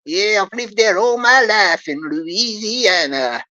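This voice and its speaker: A woman voicing a male scammer who fakes a slow Louisiana drawl to pass as an American. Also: mid-range voice, pushed and bright, muffled recording, pitched below the performer's own voice. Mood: boastful. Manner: slow drawling put-on accent.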